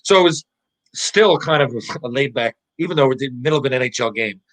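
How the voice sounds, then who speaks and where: A man's voice: medium pitch, animated, fast, a bit bright, rough recording. A man in his forties, a podcast guest and former hockey player, tells a rambling, profane anecdote full of laughs and restarts. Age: 40s. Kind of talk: casual storytelling.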